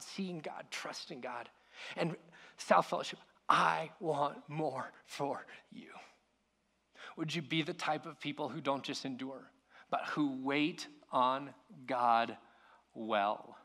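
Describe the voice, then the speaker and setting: Pastor guy preaching, gravelly voice, kinda high for a man, gets real quiet on the big lines. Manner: earnest, repeats words, drops to a hushed voice on key lines. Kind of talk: sermon.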